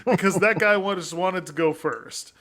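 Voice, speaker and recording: A man with a fairly high voice co-hosts a loose podcast chat. He is animated and swears freely. He acts out characters as he talks. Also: normal speed. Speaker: podcast co-host.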